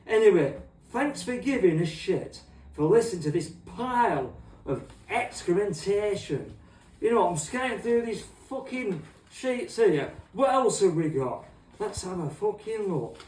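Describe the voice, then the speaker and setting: A man's voice: high voice, very animated, unhurried, a little mellow, distant mic. A middle-aged man ranting in a rambling, crude and sweary way as host of a comic monologue. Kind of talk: profane comic rant. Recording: echoey room, off-mic.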